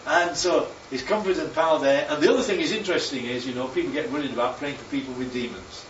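A man preaching a sermon, lively and constantly checking in with his listeners by asking "right?" and "yeah?". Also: mid-range voice, fast, a little hiss or hum. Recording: echoey, distant, dull sound with faint ambience.

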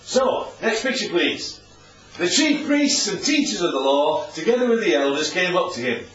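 A man preaches with a high, very animated voice and keeps checking in with his listeners. He sounds far from the microphone, and the dull recording is soaked in the echo of a large room. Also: moderate pace. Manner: chatty, asks the audience questions. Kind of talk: informal Bible teaching with slides.

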